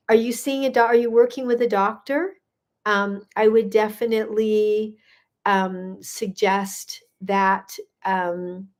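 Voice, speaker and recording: A middle-aged woman hosting a live stream, reading out viewer comments and replying to each one. She gushes and thanks people warmly, with a lot of ums and restarts in her casual, chatty delivery. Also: medium pitch. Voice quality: effusive, gushing, with many fillers. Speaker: gut health coach hosting a live stream.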